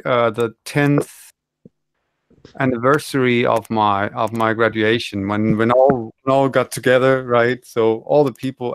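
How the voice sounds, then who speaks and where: A man in casual online panel chat, rambling and correcting himself with wry asides. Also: mid-range voice.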